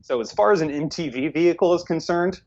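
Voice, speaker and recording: A man's voice: a little high, quick pace, a little mellow, lo-fi sound. A man co-hosting a movie review podcast in casual chat, blunt, sarcastic and swearing freely.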